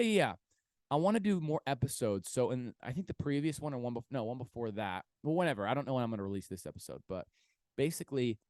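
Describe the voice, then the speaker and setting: Male solo podcast host, mid-pitched, casual and rambling, swears freely, lots of ums, bursts of hype, dry close sound. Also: darkish tone, dry recording.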